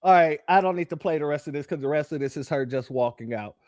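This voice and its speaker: Male online preacher-commentator, high-pitched, dry close mic, preachy and sarcastic. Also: fast, a little mellow, no echo. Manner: preachy, sarcastic, addresses listeners as family. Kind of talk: sermon-style livestream commentary.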